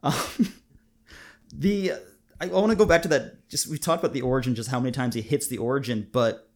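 An enthusiastic man co-hosts a podcast in a loose, chatty way. He speaks at an everyday middle pitch and laughs easily between his thoughts. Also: moderate pace. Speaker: podcast co-host. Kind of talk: casual chat.

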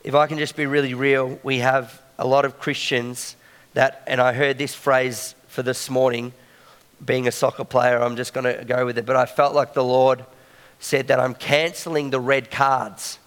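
A man's voice: mid-range voice, flat delivery, normal speed, a bit bright, clean tone, big-room sound. A man preaching a sermon in a conversational way, often checking in with the congregation.

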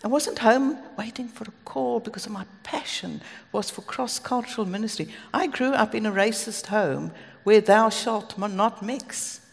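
A woman's voice: fairly high pitch, moderate pace, gravelly, few pauses. A South African woman preaching a sermon, telling stories earnestly with asides. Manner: earnest, storytelling, with asides and light laughs. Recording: long hall reverb.

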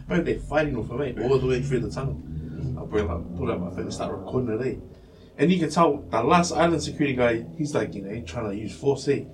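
An animated New man telling stories on a casual podcast, swearing freely and acting out quotes. He sits back from the mic, with a faint hum of the room around him. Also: mid-range voice, quick pace, far from the mic. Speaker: podcast co-host. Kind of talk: casual chat, storytelling.

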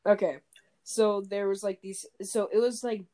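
A woman's voice: medium pitch, steady tone, a little slow, mellow. A woman on a casual podcast, telling a long story with lots of fillers and restarts, talking over a voice call. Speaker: podcast co-host. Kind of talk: casual chat.

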